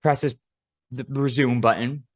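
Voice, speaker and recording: A man's voice: medium pitch, steady tone, slow pace, no room sound, studio quality. A man co-hosting a podcast, telling a long story in casual chat, profane and rambling, often laughing. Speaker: podcast co-host.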